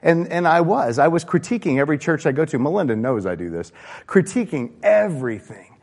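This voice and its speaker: Preacher in a reverberant hall. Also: male voice, fairly high pitch, big pitch swings, fairly quick, creaky, a little mellow. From American South. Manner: informal, asks the congregation questions, frequent fillers and restarts. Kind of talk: conversational sermon. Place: church sanctuary. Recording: long reverb of a church hall.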